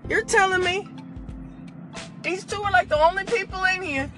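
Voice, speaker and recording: A man's voice: extremely high pitch, normal speed, music in the background, voice pushed up. A man putting on the voice of an indignant restaurant manager scolding his staff. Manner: incredulous, scolding.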